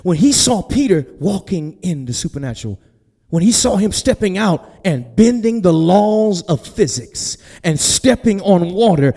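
A male pastor with a fairly high voice, preaching in a folksy, animated way straight to his congregation. He climbs to near-shouts and drops back to soft asides. His voice rings out with the long reverb of a church sanctuary. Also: unhurried. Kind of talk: sermon.

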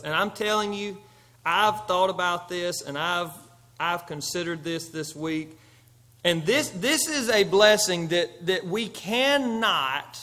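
A male pastor preaching a conversational, emphatic sermon that swings from loud to soft. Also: high-pitched.

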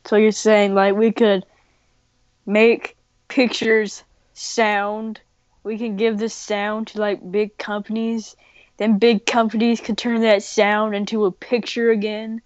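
Unhurried playful woman, casual banter, dry close recording. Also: mid-range voice, level tone, a little mellow, no room sound. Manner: slow, playful, goofy banter. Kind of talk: casual chat. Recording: dull, slightly lo-fi dry mic.

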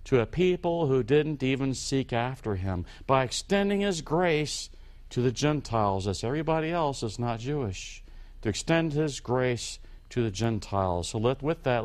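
Slow, emphatic male preacher. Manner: slow, emphatic preaching with rising and falling pitch. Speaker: pastor. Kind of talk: sermon.

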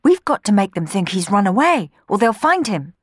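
A woman's voice: mid-range voice, very animated, normal speed, slightly rough, no echo, clean studio sound, voice pushed up. A woman voicing a clever young girl who speaks in an urgent, practical way.

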